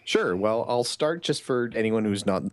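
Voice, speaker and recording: A gaming podcast co-host speaks in a very deep male voice and teases his partner with deadpan humor. He talks in an easy, conversational way. The sound is close and dry. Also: moderate pace, dry recording. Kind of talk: casual podcast chat.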